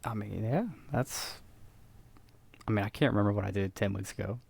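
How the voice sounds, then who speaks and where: A man's voice: lowish voice, a little fast, gravelly, a little mellow, breathy edge. A young man co-hosting a casual podcast, jokey, with mumbled asides and laughs at his own jokes. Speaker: podcast co-host. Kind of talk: casual chat.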